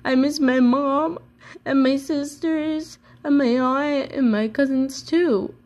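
A woman reading aloud and voicing a sad young female elephant calf in a high, tearful, pleading voice. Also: steady tone, takes it slowly, darkish tone. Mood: sobbing.

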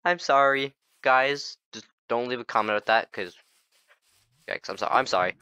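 A young man giving casual gameplay commentary, excitable and talking straight to his viewers. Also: mid-range voice, moderate pace, smooth, dry recording, lo-fi sound. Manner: excitable, talks to viewers as "guys", frequent "oh my gosh" and "oh boy". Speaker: gaming YouTuber.

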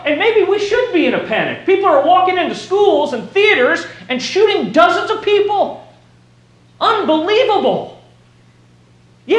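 Male pastor, sermon delivery, high voice, lively, recorded in a roomy church. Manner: animated, rises to shouting for emphasis. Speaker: preacher. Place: church sanctuary.

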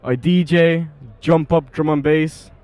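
A man with a slightly high voice chats casually as a DJ. He is offhand and evasive. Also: fairly even intonation, measured pace, lo-fi sound. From Ireland. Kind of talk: casual chat.

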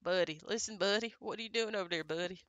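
A woman's voice: medium pitch, quick pace, fairly bright tone, dull audio. A woman streaming a game with viewers, chatting casually and muttering to herself as she sets things up. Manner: distracted, muttering while setting up the game. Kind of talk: casual gaming chat.

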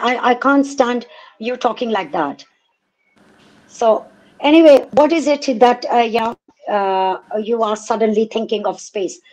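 Middle-aged woman telling her side, kinda high voice, gets indignant, plays out the convos herself. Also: darkish tone, poor audio. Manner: indignant, re-enacts conversations in dialogue. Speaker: interviewee, mother recounting events. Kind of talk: personal testimony.

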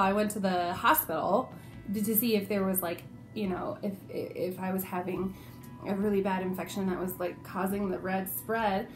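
A young woman vlogger telling a personal story in a casual, animated way, acting out the quotes as she goes. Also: medium pitch.

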